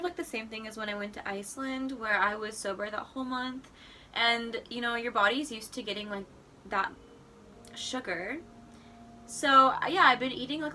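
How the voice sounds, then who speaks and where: A young woman vlogs outdoors in a city, chatting to camera and rambling with plenty of "like" and "you know." Her medium-pitched voice has a sharp tone and sounds a little off-mic, with faint street noise behind her.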